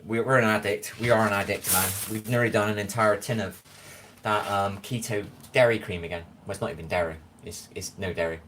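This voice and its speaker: A tired West Country man, running on little sleep, rambles chattily through a livestream and reads out viewers' names from the chat. His voice is lowish and fairly quick, with fairly even intonation and a slightly bright edge. It's recorded on a phone at home, with a little hiss or hum.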